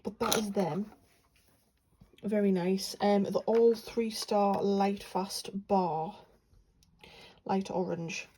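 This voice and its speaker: A woman's voice: mid-range voice, fairly even intonation, slow, dark tone, slightly rough, rough recording. A young woman from England chatting casually about her paints, rambling with lots of fillers. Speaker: art vlogger. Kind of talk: casual chat while swatching paints.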